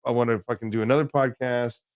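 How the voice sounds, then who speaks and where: A man's voice: mid-range voice, fairly even intonation, fast talker, clean tone, no room sound, lo-fi sound. A man co-hosting a podcast, telling long rambling stories with a lot of swearing. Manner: profane, rambling storyteller. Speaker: podcast co-host. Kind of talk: casual podcast chat.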